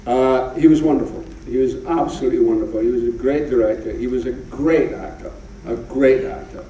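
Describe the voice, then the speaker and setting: A man's voice: medium pitch, fairly quick, dark tone, dull audio, slight background noise. A Scottish man in his seventies, a guest actor telling rambling anecdotes in an on-stage interview. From Scotland. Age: 70s. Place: theatre stage before an audience. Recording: roomy, distant live theatre recording.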